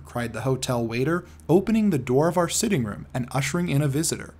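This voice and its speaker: Husky-voiced man reading a classic tale. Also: medium pitch, animated, fast, darkish tone. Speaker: audiobook narrator. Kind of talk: scripted narration of a classic story.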